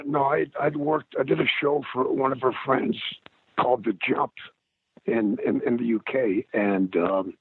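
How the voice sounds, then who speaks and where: A man guest in a casual podcast interview, speaking with a strained, hoarse voice and halting restarts. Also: mid-range voice, dry recording. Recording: tinny phone line.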